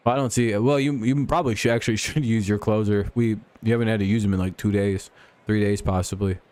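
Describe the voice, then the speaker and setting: A man hosting a casual live stream, chatting with viewers and calling pitches as he watches a ballgame. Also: fairly even intonation, fast talker, a little mellow. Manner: chatty, replies to chat while calling pitches.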